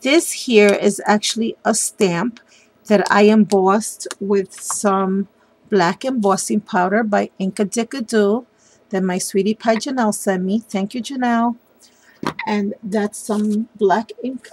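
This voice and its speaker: A woman's voice: mid-range voice, measured pace, darkish tone, a little hiss or hum. A middle-aged woman showing her papercraft project in a casual, gushing chat, with frequent ums and giggles. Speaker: papercraft designer. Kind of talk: casual craft show-and-tell.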